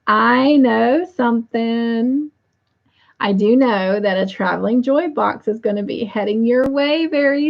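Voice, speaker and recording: A woman's voice: a little high, slow, gravelly, lo-fi sound. Affectionate woman hosting a livestream. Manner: warm and affectionate, reads viewer comments aloud. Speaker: livestream host. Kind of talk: casual livestream chat reading comments.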